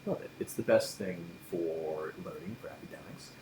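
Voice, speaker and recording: A man's voice: sits low, moderate pace, background noise, lightly acted. A man voicing a stern, intense male magic professor who talks curtly and formally, in an echoey room. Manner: curt, formal and impatient.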